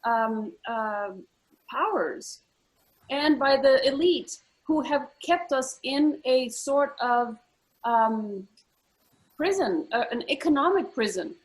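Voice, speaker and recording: A woman co-hosts a casual talk show, chatting earnestly with frequent fillers and repeated words. Her high voice is animated but slow. The recording is rough.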